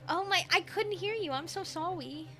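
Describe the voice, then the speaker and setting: A woman's voice: extremely high pitch, moderate pace, pushed and bright. A young woman streaming a detective game, chatting playfully with friends and giggling a lot. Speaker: let's play streamer. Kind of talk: casual let's play chat, reading game lines aloud.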